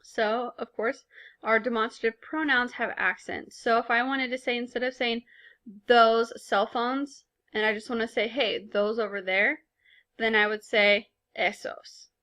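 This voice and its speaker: A woman's voice: on the high side, steady tone, moderate pace, sharp tone. A woman teaching a recorded language lesson in a patient, explanatory way, speaking with casual fillers. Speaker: Spanish teacher.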